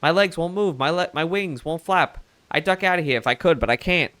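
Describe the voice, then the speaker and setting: A man voicing a chatty male bird reporter from a video game, reading the lines aloud with lively rises in pitch. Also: fairly quick, close to an everyday voice.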